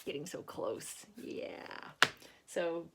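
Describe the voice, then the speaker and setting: A woman's voice: deep voice, expressive, takes it slowly, heavy background noise. A woman author chatting casually about her book and reading from it. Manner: chatty, laughs often, restarts.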